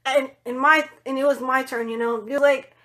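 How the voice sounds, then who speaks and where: A woman with a high voice tells a personal story off the cuff, rambling and full of "like" and "you know". She is blunt and swears freely. Her phrases often sink into a quiet mutter at the end. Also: steady tone, moderate pace. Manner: drops to low murmurs at the end of phrases. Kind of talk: casual storytime monologue.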